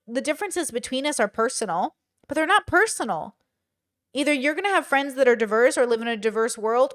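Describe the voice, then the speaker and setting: A woman commentator speaks in quick, slightly high, casual talk. She grows louder and more opinionated when a subject excites her. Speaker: online commentator.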